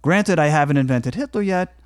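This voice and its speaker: A man's voice: fairly high pitch, expressive, a little fast, clean tone, no echo, clean studio sound, close to an everyday voice. A man playing a snarky, bored devil with a sarcastic, wry delivery.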